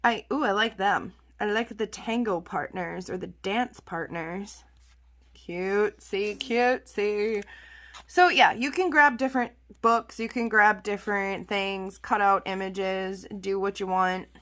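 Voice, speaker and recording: Bright-voiced woman chatting while crafting. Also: medium pitch, a little slow, few pauses. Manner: rambling, chatty, self-deprecating. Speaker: craft channel host. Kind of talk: casual chat while journaling.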